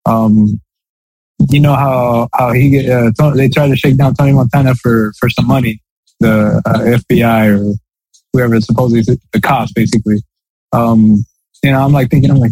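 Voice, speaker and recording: A man chatting on a podcast, rambling through his thoughts with plenty of fillers and restarts. His voice is slightly husky. It sits at an ordinary pitch, and the sound is dry and close to the mic. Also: fairly even intonation, a little fast, warm tone, dry recording, rough recording. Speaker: podcast co-host. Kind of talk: casual podcast chat.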